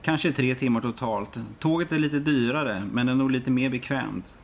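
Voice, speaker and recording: A man playing a helpful airport information desk clerk who talks fast in a scripted practice dialogue. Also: mid-range voice, a little hiss or hum, close to an everyday voice. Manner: fast, matter-of-fact helpfulness.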